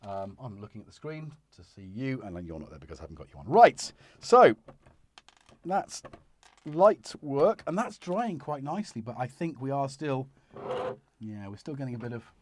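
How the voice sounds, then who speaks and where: Lively, chatty man fixing gear live. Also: mid-range voice, moderate pace, no echo. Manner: chatty, muttering to himself mid-task, self-deprecating. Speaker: livestream host repairing a synth. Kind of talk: casual live-stream chat while working. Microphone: wireless mic that drops out of range.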